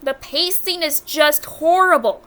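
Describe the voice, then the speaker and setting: Unhurried and high, her voice sounds pushed and bright. She's a young woman from the United States reviewing a video, ranking things casually with blunt exasperation and frequently pausing to fix what she just said.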